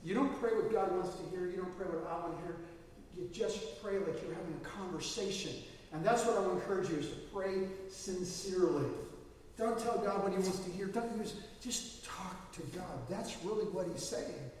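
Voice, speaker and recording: A man's voice: sits high, moderate pace, a little mellow, slight background noise. A man preaching a sermon in a conversational, storytelling way. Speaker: pastor. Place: church sanctuary. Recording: echoey church hall, mic at a distance.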